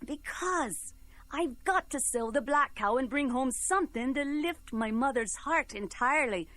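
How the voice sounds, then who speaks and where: A woman's voice: high-pitched, animated, measured pace, a bit bright. A woman voicing Jack, an earnest young country lad, eager and plain-spoken.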